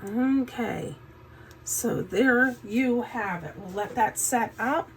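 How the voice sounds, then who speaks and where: A craft channel host runs a casual crafting tutorial in a chatty, folksy way, saying "um" a lot, her voice groggy because she has just woken up. Her pitch is fairly high and she speaks slowly. The recording is rough, with slight background noise.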